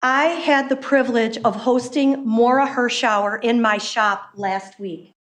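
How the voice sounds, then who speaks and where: A woman giving an impassioned public comment at a council meeting as a hemp business owner, emphatic and quick. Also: a little high. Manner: impassioned, emphatic, fast-talking. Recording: echoey meeting room.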